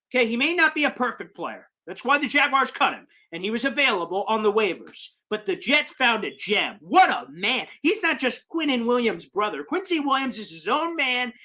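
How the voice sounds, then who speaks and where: Hyped young man, bright shouty fan host. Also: very high-pitched. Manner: hyped, shouting bursts of celebration. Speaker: sports fan livestream host. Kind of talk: excited live-stream fan commentary, reading chat comments.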